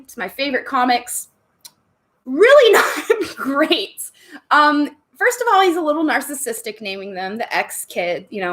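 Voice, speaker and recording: A woman's voice: sits high, fairly bright tone. Bubbly woman chatting on a livestream. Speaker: livestream host. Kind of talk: casual livestream chat. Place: home room.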